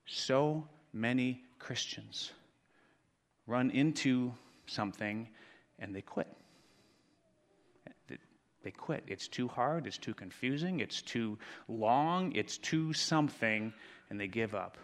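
A man preaching a sermon as pastor, swinging from quiet, intimate lines to loud, dramatic ones. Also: medium pitch, unhurried. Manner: dramatic swings from hushed to shouting. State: out of breath.

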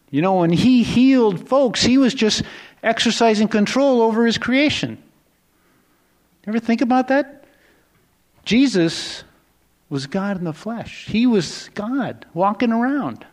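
A man with a slightly high voice preaches a sermon in a casual, conversational style. He often restarts his sentences, drops into hushed low asides and then climbs into excited emphasis. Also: measured pace. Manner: conversational, rambling with restarts and self-corrections. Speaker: pastor.

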